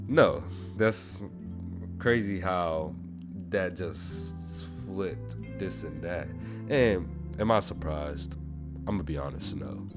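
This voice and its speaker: Man, deep low voice, reaction commentary, guitar music behind. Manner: breaks down clips, mocks quotes. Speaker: commentary youtuber. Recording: loud background music.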